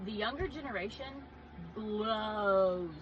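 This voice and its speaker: A woman in casual chat on a podcast, telling animated stories and laughing often. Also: mid-range voice, takes it slowly. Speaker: podcast guest. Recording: dull lo-fi sound with clear background noise.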